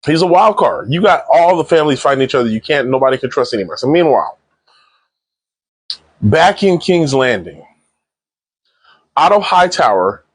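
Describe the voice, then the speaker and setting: A man casually recapping and reviewing a TV episode in slangy, animated speech, acting out the characters' lines. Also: mid-range voice, slightly rough, no room sound. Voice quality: animated slangy retelling with acted-out quotes. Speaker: TV show reviewer.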